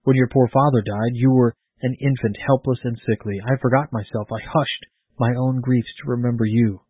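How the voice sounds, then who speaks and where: A man's voice: medium pitch, fairly even intonation, moderate pace, slightly rough, no room sound, close to an everyday voice. A man reading as a grieving pious mother. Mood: pleading. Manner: pleading, solemn, old-fashioned speech. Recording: tinny phone-like lo-fi sound.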